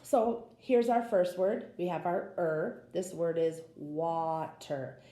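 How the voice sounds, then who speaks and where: A woman's voice: fairly low pitch, takes it slowly, dark tone, echoey room. A woman teaching a phonics lesson, patiently sounding out words for young learners.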